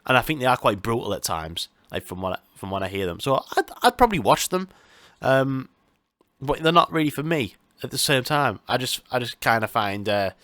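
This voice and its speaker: Male podcast host, loose unscripted rambling full of swearing, bright voice, dry recording. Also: mid-range voice, big pitch swings, brisk, no echo. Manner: rambling, sweary, many fillers and restarts. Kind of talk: casual solo chat.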